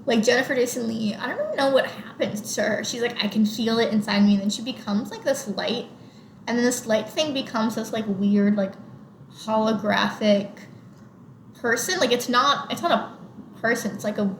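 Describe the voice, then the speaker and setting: Lively intonation marks this young woman's fairly high voice, delivered at a moderate pace. As a podcast co-host, she chats about a film and retells its scenes, heavy on "like." The audio has a spacious quality and soft background noise.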